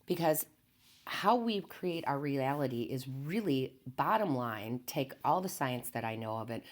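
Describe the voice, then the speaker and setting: A woman tarot reader giving a calm, earnest spiritual motivational talk to her viewers, repeating her key phrases and never hyping things up. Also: extremely low pitch, measured pace.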